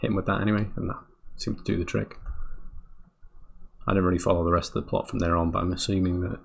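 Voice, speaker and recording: A man's voice: deep voice, little pitch movement, fast talker, creaky, a little hiss or hum. A man streaming while he draws, chatting in a rambling, dry way and often cutting himself off. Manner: rambling, self-interrupting, dry. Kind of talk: casual chat while drawing.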